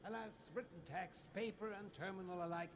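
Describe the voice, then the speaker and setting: An actor with a German accent playing a formal, wordy gentleman and husband who was once blind, in a video game. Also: high-pitched, fairly even intonation, fairly quick, background noise, close to an everyday voice. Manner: courtly, theatrical, wordy.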